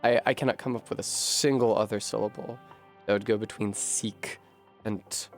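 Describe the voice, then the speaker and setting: A man's voice: on the low side, steady tone, moderate pace, faint music behind. Swearing man puzzling aloud on stream. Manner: profane, puzzling aloud, frustrated. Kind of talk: live-streamed gameplay commentary. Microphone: desk microphone.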